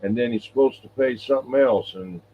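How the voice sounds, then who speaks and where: A man's voice: medium pitch, a little fast, slight background noise. Easygoing man over tinny radio. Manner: easygoing, explanatory, fillers. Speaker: radio hobbyist. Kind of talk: casual radio chat.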